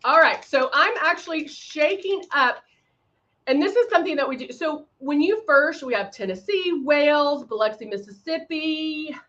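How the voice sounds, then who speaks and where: A woman's voice: high-pitched, animated, normal speed, a bit bright. A woman hosting a live makeup tutorial, chatting with viewers and greeting them by name between steps, with frequent fillers. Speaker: makeup demonstrator hosting a livestream. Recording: slightly dull livestream audio.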